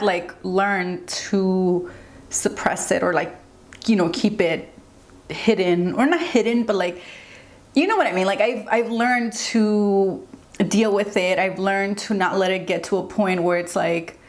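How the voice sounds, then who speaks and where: A young woman speaks to her audience in a get-ready-with-me vlog. She sounds earnest and open. Her speech rambles, with frequent "like"s and unplanned turns. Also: mid-range voice. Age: young adult. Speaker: beauty vlogger.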